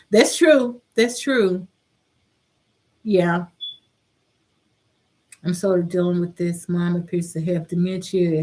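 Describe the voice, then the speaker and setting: A woman's voice: lowish voice, darkish tone. A middle-aged woman hosting a casual live-stream chat, reading viewer comments aloud in a heartfelt, caring way.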